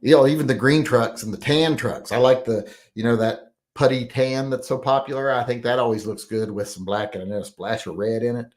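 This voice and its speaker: A man hosting a casual live chat, reading out viewer comments and rambling between them with frequent fillers and throat clearing. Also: mid-range voice, fairly even intonation, brisk, hardly any pauses.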